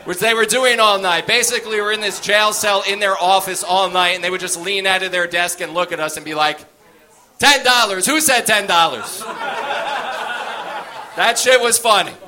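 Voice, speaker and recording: Bright high-voiced male stand-up comic. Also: brisk, few pauses. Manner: animated, acts out voices in his story. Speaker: stand-up comedian. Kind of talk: stand-up storytelling.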